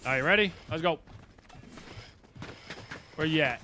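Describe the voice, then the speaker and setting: A man hosting a casual live game stream, chatting with viewers and greeting them by name, with excitable bursts. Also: fairly high pitch, measured pace, long pauses, slight background noise. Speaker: livestream host. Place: at work, indoors.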